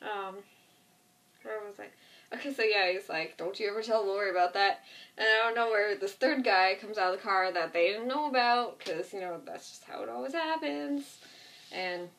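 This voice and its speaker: A woman's voice: mid-range voice, moderate pace, vocal fry, a bit bright. A woman casually retelling a TV episode in a rambling way, full of fillers and asides. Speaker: vlogger. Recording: voice distant from the mic.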